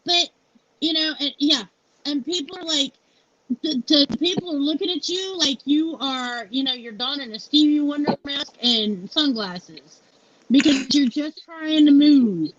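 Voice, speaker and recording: A woman in her forties, a founder and CEO appearing as an interview guest, tells a personal story in a live interview, speaking frankly and bluntly, swearing freely, and saying "you know" a lot. Her voice is high and measured in pace, and the live stream audio is muffled and lo-fi.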